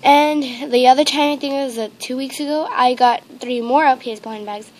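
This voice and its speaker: In a casual unboxing chat to camera, a toy vlogger speaks at normal speed in a high-pitched, steady voice. She rambles and gushes at home into a handheld camera mic, repeating exclamations and saying um often, and there's slight background noise.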